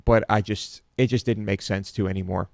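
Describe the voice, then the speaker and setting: A man's voice: lowish voice, fairly quick, vocal fry, no room sound, clean studio sound. A man who is a show regular, telling an anecdote in casual chat with lots of restarts. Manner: rambling, animated storytelling with many restarts.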